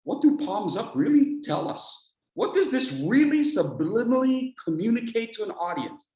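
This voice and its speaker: A man's voice: high voice, expressive, normal speed, hardly any pauses. A man presenting a speaking workshop over a video call, playful and teasing, firing off rhetorical questions. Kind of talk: energetic instructional talk. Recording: echoey room.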